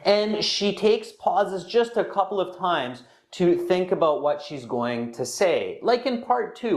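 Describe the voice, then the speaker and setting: A man's voice: fairly high pitch, reverberant. A man narrating commentary on a speaking exam and explaining how it is scored. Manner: explains clearly, with lively intonation.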